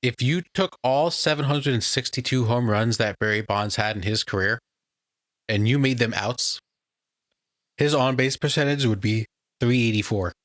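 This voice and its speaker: A man's voice: medium pitch, normal speed, a bit bright, no room sound, clean studio sound. A man co-hosting a comedy podcast, easygoing and chatty as he leads the segments. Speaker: podcast co-host. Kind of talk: casual chat.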